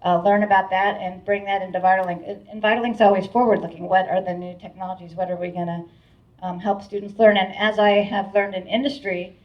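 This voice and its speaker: A woman's voice: medium pitch, steady tone, fairly quick. Heartfelt woman speaking from a distance. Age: middle-aged. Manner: heartfelt, rambling with many restarts and fillers. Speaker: board chair giving a speech. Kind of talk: emotional, grateful event speech. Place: event hall with an audience. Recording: distant, dull-sounding mic at a live event.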